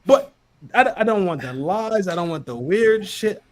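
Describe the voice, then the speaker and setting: Man, high voice, big pitch swings, profane, repetitive, heated video-call argument. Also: animated, normal speed. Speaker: panel guest. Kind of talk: heated online panel argument.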